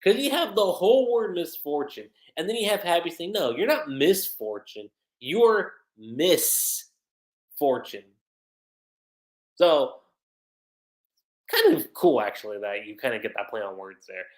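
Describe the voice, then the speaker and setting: Casual livestream manga review, chatty, lively pitch, echoey room. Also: moderate pace. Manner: chatty, laughs often, retells scenes.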